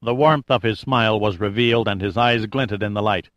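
A man reading an audiobook in a measured, even storytelling manner. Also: mid-range voice, no room sound, highs cut off. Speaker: audiobook narrator. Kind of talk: scripted narration.

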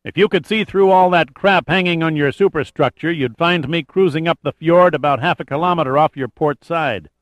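Man voicing a jaunty sea captain, wisecracking, raised pitch, breezy radio talk. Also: a little fast, few pauses, no room sound, lightly acted.

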